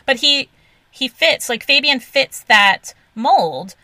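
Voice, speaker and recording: A woman co-hosting a casual comics podcast, chatty and quick to laugh. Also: sits high, animated, bright, forceful tone, dry recording, rough recording. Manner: chatty, many "like" fillers, laughs easily. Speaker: podcast co-host.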